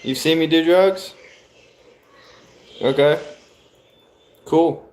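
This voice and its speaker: A young man casually answering live chat as a streamer, in slow, laid-back replies. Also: on the high side, darkish tone.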